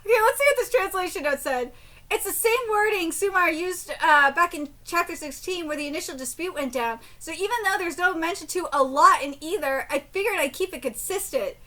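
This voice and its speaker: This woman streams herself reacting to manga live, reading translated dialogue in a softer voice before erupting in shrieks, laughs and offhand cursing. She has a very high voice and speaks at a normal speed.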